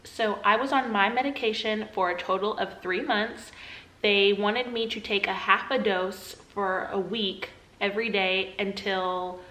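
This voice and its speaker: Young woman, vlogger, confessional storytelling, mid pitch, echoey room. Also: fairly even intonation, a little slow, bright, forceful tone. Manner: earnest, confessional, acts out her past self in a higher pleading voice. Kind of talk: personal storytelling to camera.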